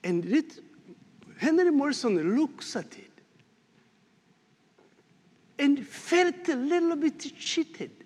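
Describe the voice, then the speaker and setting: A man preaching a sermon and closing prayer, telling a story with animated swings from loud to hushed. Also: very high-pitched, takes it slowly, long pauses. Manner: animated storytelling, rising loud then dropping to near whisper. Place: church. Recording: reverberant church hall.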